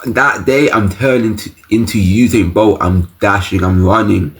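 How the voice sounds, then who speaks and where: A man hosts a reaction video, jumping in with loud exclamations and laughs. His voice sits low and his talk is loose and casual. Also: fairly even intonation, normal speed.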